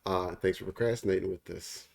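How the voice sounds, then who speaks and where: A man's voice: low voice, fairly even intonation, a little fast, creaky. A man hosting a podcast in casual chat, rambling off on tangents and laughing often. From Nigeria and United States. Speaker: podcast host.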